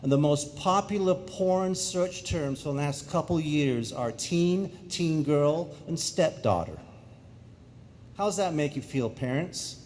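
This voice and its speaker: A middle-aged man from England works a school audience with an animated, joking delivery and a fairly high voice. A faint low rumble sits under the hall recording. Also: takes it slowly. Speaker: speaker. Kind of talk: energetic public talk. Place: school auditorium.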